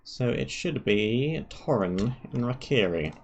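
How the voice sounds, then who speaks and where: A man with a gravelly, creaky voice at an ordinary middle pitch, talking through a live game stream. He reads quest dialogue aloud and throws in dry, wry remarks as he plays. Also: expressive, slow, a little hiss or hum. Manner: dry, wry asides while playing. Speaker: gaming streamer.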